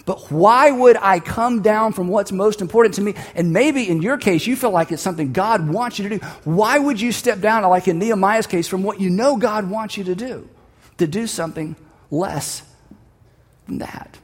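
A man's voice: high voice, moderate pace, big-room sound. A man preaching a sermon, telling a personal story and leading the listeners to repeat a line together. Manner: storytelling, building to emphatic calls for the audience to repeat. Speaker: pastor.

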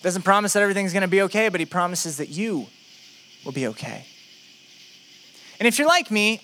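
Bright high-voiced male preacher. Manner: conversational, many rhetorical questions. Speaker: pastor. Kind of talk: sermon.

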